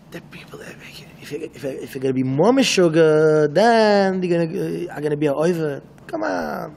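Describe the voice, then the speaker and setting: Rabbi, high voice, halting and repetitive, long reverberant hall. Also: male voice, big pitch swings, creaky, a little mellow, slight background noise. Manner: halting and repetitive, acts out back-and-forth dialogues. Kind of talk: Torah lecture in English.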